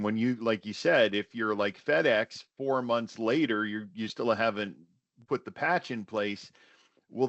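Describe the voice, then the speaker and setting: A man's voice: medium pitch, fairly bright tone, dry recording, highs cut off. A man hosting a webinar conversation, speaking earnestly and often restating his points. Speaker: webinar host.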